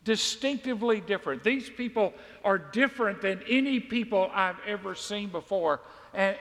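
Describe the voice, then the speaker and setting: A high-pitched, slightly bright male voice belongs to a pastor from Mississippi, USA. He preaches a sermon in a folksy, joking, conversational way. The recording carries the long reverb of a large hall.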